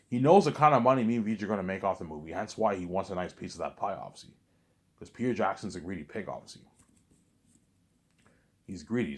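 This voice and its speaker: Man, casual rambling vlog monologue, boastful, repetitive, swears, rapid, low voice. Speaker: vlogger.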